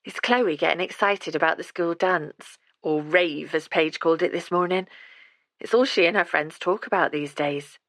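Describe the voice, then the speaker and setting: A woman voicing a flirtatious single mother with a breathy, coaxing manner, as a storybook character. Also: fairly low pitch, normal speed, fairly bright tone, no echo. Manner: coaxing, playful.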